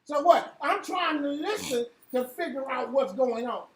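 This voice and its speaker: A woman leading an interactive church Bible lesson, quizzing the room with repeated "what?" and building to shouts. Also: sits high, expressive, measured pace. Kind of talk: interactive sermon with call and response. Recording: echoey room from far off, faint hiss.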